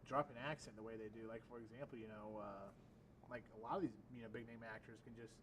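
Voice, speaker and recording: A man of middling pitch co-hosts a casual live chat, rattling along with plenty of filler words. A faint noise sits under his voice. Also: steady tone, fairly bright tone, recorded from a distance, poor audio. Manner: quick and talkative, full of filler words. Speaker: co-host.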